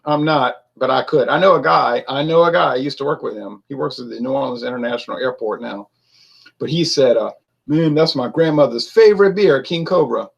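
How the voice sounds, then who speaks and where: A man's voice: medium pitch, brisk, vocal fry, fairly bright tone, breathy edge, muffled recording. A man reviewing beer in a casual, chatty way, laughing often and reading out viewer comments to his live audience.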